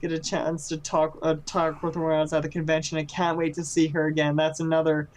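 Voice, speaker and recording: A podcast co-host from Canada's West Coast, reading out listener questions in a giggly, halting way with many fillers. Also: mid-range voice, completely flat delivery. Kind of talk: casual chat.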